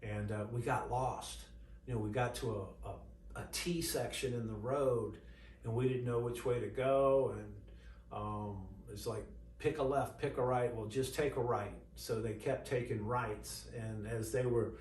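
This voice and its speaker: A man's voice: mid-range voice, steady tone, measured pace, a little mellow, a little hiss or hum. A middle-aged man, telling a long personal story in a casual, rambling way, quoting conversations and leaning on fillers. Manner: rambling retelling full of quoted dialogue and fillers. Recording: roomy and distant with faint ambience.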